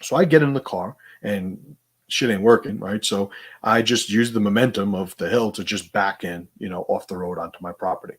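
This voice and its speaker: A man's voice: fairly low pitch, normal speed, slightly rough. A middle-aged man hosting a casual monologue, rambling in a conversational way with lots of fillers. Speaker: host.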